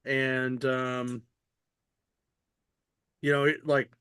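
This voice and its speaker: A man's voice: mid-range voice, flat delivery, very slow, a bit bright, clear, resonant tone, dry recording, studio quality. A man hosting a podcast, chatting casually and rambling with lots of fillers and the odd swear. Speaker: podcast host. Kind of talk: casual chat.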